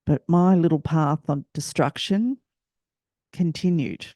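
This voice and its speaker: An Australian woman hosting a personal storytelling podcast, speaking reflectively and haltingly and often repeating herself. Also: deep voice, warm tone, no echo. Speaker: podcast host.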